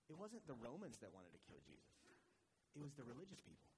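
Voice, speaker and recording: A man's voice: mid-range voice, wildly swooping pitch, quick pace, darkish tone. A man shares missionary stories from a church stage, earnest and conversational in his sermon delivery. His voice carries a long reverb from a large hall. Faint noise sits underneath the recording. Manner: earnest, storytelling with quoted dialogue. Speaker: missionary speaker. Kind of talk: sermon storytelling.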